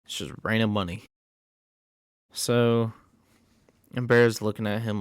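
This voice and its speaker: A man recaps a horror film in a loose, rambling, profane way, stopping and restarting as he goes. He talks at a slow, unhurried pace. The sound is dry and close, with no room in it. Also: mid-range voice, clean tone, no echo. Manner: rambling, profane, animated storytelling. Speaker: horror movie reviewer. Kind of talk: casual movie recap.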